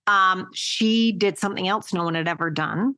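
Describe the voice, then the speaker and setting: A woman chats as a podcast guest in a mid-range voice. She talks emphatically, with animated swings and casual swearing. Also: mid-range voice, normal speed. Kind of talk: casual interview chat.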